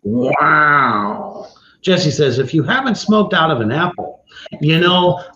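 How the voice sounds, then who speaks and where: A man's voice: on the high side, a little hiss or hum. A man hosting a casual livestream, reading viewer comments aloud, swearing freely and laughing often. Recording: roomy, slightly dull sound.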